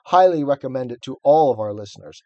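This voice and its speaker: A man's voice: mid-range voice, lively intonation, fast, a little mellow, no room sound, lo-fi sound. Guy cohosting a book podcast, earnest and emphatic, dry mic. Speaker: podcast co-host. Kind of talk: casual book discussion.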